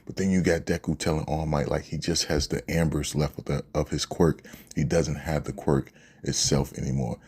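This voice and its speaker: A man with a very deep, low-pitched voice giving casual reaction commentary as a channel host. His tone is husky and grainy. He talks in a relaxed, slangy way. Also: moderate pace. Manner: laid-back slangy talk, says "yo" and "man" often.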